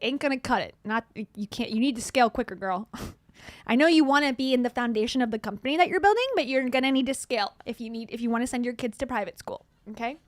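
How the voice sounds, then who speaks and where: A millennial woman from the Midwest giving sarcastic commentary, reading posts aloud with deadpan asides. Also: fairly high pitch, fast talker, dry recording. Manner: snarky, deadpan asides with sudden laughs. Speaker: commentary streamer.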